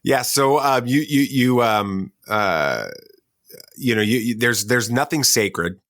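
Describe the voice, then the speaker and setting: A man's voice: mid-range voice, animated, fairly bright tone, dry recording, studio quality. A middle-aged man hosting a podcast, chatting casually and telling a story with many restarts. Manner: halting, restarts a lot, storytelling. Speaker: podcast host. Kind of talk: casual interview chat.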